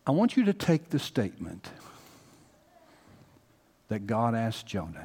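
A man's voice: mid-range voice, sing-song, a little slow, long pauses, darkish tone, breathy edge. A man from the American South preaching a conversational sermon as pastor, talking directly to his congregation and rising into emphatic bursts. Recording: long hall reverb.

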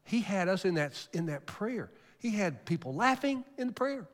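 Older preacher in a reverberant church. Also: male voice, sits high, sing-song, normal speed. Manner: emotional storytelling with sudden loud rises and soft drops. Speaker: pastor. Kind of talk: sermon. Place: church sanctuary. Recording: long hall reverb.

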